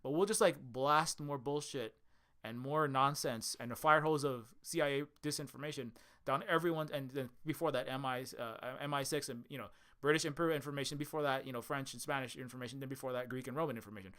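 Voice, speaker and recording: A man from Hawaii giving a rambling casual commentary, talking rapidly with many fillers and restarts. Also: medium pitch, fairly bright tone. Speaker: video commentator.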